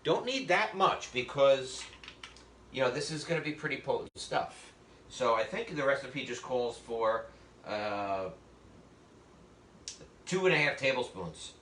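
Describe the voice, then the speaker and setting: A man leads a live online cooking class from a kitchen, with a bright, forceful voice. He explains every step in a chatty way, joking with his viewers and leaning on plenty of fillers. The sound comes through a webcam in an echoey room. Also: mid-range voice, lively intonation, unhurried, long pauses, a little hiss or hum. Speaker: cooking instructor. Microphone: webcam on a video call.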